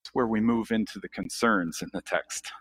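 A male pastor preaching a sermon, asking the congregation questions, animated, with sharp rises and drops in his voice. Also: lowish voice, normal speed.

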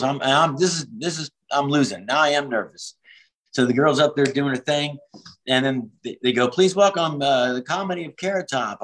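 A man's voice: medium pitch, poor audio. A man in his fifties, a comedian telling road stories in a casual interview, acting out the voices he quotes and swearing freely. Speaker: prop comedian, guest.

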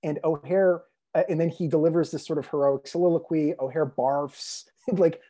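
A man's voice: a little high, mellow, slightly rough. A man co-hosting a casual literary discussion, speaking passionately and with strong opinions, swearing now and then and leaning on fillers. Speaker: co-editor and podcast co-host.

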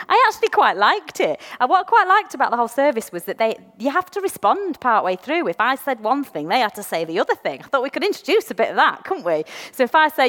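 An English woman giving a chatty, self-deprecating sermon in a church, slowing down to read scripture deliberately. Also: fairly high pitch, sing-song, fairly bright tone, long reverb tail. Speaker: preacher.

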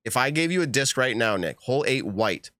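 A man hosting a live podcast in casual chat, animated and laughing often as he reads texts aloud. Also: mid-range voice, fairly quick, no room sound, clean studio sound. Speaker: podcast host.

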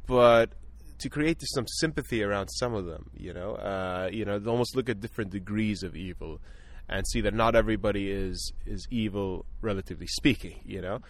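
A man's voice: on the low side, normal speed, hardly any pauses. A man talking through his thoughts on films in a casual discussion, thoughtful and full of fillers and restarts. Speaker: film podcast guest.

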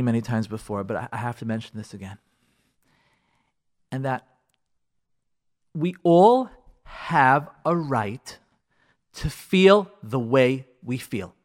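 Emphatic rabbi with a higher voice. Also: male voice, a bit bright. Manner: emphatic, repeats phrases, mixes in Hebrew and Yiddish terms; acts out listeners' imagined voices. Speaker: rabbi teaching a class. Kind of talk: radio Torah class on marriage.

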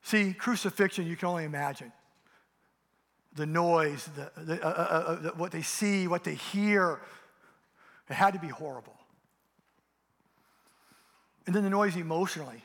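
A pastor delivers a passionate sermon, his voice rising and falling as he drives his points home and acting out mocking voices. His voice is a little high and fairly bright, at normal speed with long pauses, under long hall reverb.

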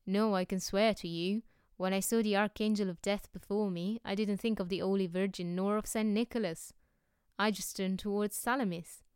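A woman voicing a jovial, bawdy sea captain who talks loudly and heartily in a storybook reading. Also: medium pitch, clean tone, no echo, studio quality, natural voice. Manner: loud, hearty.

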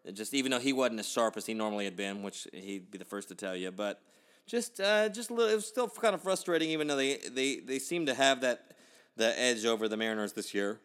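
A man's voice: mid-range voice, expressive, a little fast, fairly bright tone, clear, resonant tone. A man co-hosting a casual sports podcast, rambling with restarts and swearing. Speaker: podcast co-host.

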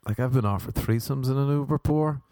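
A young Irish man telling a rambling, animated story. He laughs and jumps up in pitch for emphasis. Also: a little fast, no room sound, studio quality. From Ireland. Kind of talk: casual storytelling monologue.

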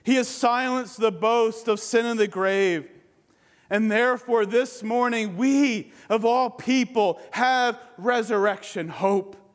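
A man pastor preaching a sermon, swelling to emphatic peaks and dropping to hushed endings, then closing in a slow, quiet prayer. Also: very high-pitched, long reverb tail.

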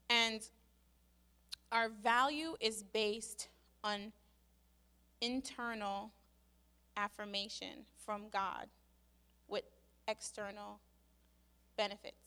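A young woman telling a personal faith story in a casual, animated way, acting out her own quotes. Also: medium pitch, drawn-out words, long pauses, smooth. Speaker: speaker sharing a testimony.

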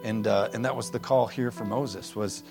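A man preaching a conversational, energetic sermon full of rhetorical questions. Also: fairly low pitch, normal speed, music in the background. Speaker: pastor.

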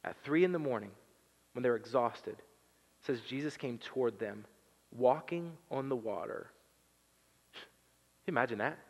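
Male pastor, casual but impassioned sermon delivery, hushed to emphatic, lingering hall echo. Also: mid-range voice, expressive, normal speed, long pauses. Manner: conversational preaching that swings from hushed to emphatic. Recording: long hall reverb.

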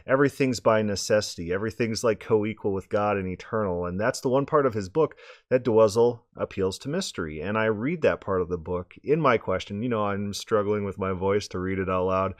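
A man with a hoarse, scratchy voice hosting a podcast, rambling casually and repeating words as he restarts his sentences. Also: lowish voice, fairly quick, no echo, clean studio sound. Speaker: podcast host.

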